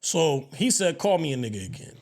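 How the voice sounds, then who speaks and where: Animated, high-voiced man telling a story. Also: fairly quick, creaky. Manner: animated storytelling, swears freely, swings pitch and loudness. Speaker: podcast co-host. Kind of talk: casual podcast chat.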